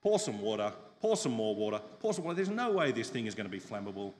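A man's voice: lowish voice, big pitch swings, fast talker, darkish tone, a little hiss or hum, voice pushed down. A man voicing a blunt, weary old male prophet who talks in a casual, taunting way, heard with long church reverb. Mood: bold.

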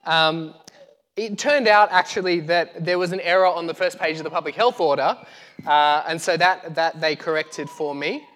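Higher-voiced male preacher, chatty and joking, on a lapel mic in a reverberant hall. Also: moderate pace, fairly bright tone. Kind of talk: casual sermon. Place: church hall.

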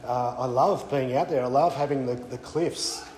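A man's voice: mid-range voice, normal speed, darkish tone, roomy sound, slight background noise, rough recording. An Australian man preaching a sermon at a weekend away, conversational, with frequent fillers and restarts. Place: church weekend away venue.

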